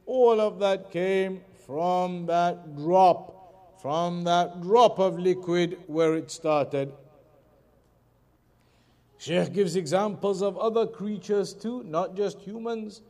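A man with a high, light voice gives a Quran commentary lesson. He rattles off the source text briskly, then slows down to explain each point, repeating key phrases for his students. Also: a little mellow. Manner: reads Arabic text quickly, then explains slowly with repetition. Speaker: Islamic teacher.

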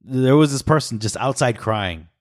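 A man's voice: medium pitch, expressive, moderate pace. Laid-back young man telling stories. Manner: swearing, laughing storyteller. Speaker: podcast co-host. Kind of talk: casual chat.

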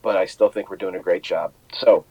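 A man hosting a sports podcast, talking off the cuff with lots of halting restarts and fillers. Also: sits low, steady tone, breathy edge, no echo, dull audio. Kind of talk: unscripted commentary.

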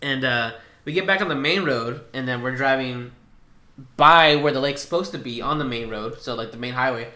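A man's voice: mid-range voice, moderate pace. A young man telling a story in casual chat, swearing freely and acting out what people said. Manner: profane, animated storyteller acting out quotes. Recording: echoey room.

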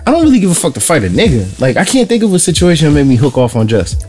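Young male co-host, lively storyteller with a rising, swooping voice over light music. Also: on the high side, very fast. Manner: animated storytelling, laughs often, acts out others' lines. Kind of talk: casual chat.

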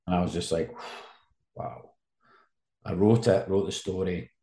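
A man's voice: low voice, fairly even intonation, brisk, dark tone. A man, a sports journalist telling a rambling story as a guest. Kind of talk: casual anecdote telling. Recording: roomy echo.

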